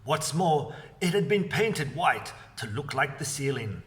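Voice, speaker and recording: A man's voice: fairly high pitch, sing-song, unhurried, fairly bright tone, distant mic. A man reading a children's book aloud expressively. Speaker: story reader.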